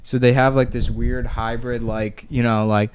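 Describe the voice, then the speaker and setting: A man's voice: medium pitch, little pitch movement, moderate pace, clear, resonant tone. A young man hosting a comedy podcast, rambling and jokey with plenty of swearing. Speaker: podcast host. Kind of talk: casual comedy chat.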